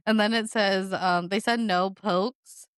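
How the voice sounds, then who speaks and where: A woman's voice: medium pitch, fairly even intonation, slow pace, fairly bright tone, smooth, no echo, clean studio sound. A woman co-hosting a podcast in easygoing, chatty talk, laughing easily. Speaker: podcast co-host. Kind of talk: casual chat.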